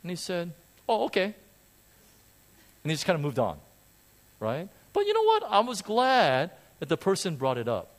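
Animated man preaching a sermon. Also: sits high, a little slow, long pauses. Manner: animated, self-deprecating humor, repeats phrases. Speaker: pastor. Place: church sanctuary with a congregation.

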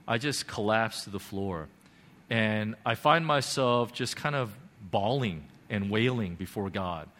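A man recounts a personal faith story with a bright, tense edge to his voice. He is earnest and emotional, sinking to quiet, low moments before surging up loud and high. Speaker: speaker sharing a faith testimony.

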